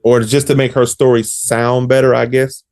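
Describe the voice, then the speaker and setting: A man answering interview questions, hesitant and halting, with many fillers. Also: medium pitch, level tone, darkish tone.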